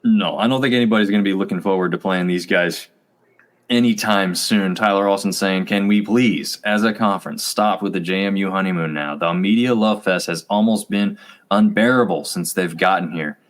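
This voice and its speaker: Low-voiced man co-hosting a sports show. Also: normal speed. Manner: relaxed, rambling with fillers. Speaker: co-host. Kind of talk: casual sports chat.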